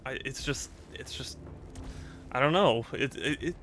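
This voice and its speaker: A man's voice: mid-range voice, unhurried, a bit bright, a little hiss or hum. A man streaming a video game, chatting casually with his viewers, laughing often and restarting sentences as he goes. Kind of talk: casual live-stream chat while gaming.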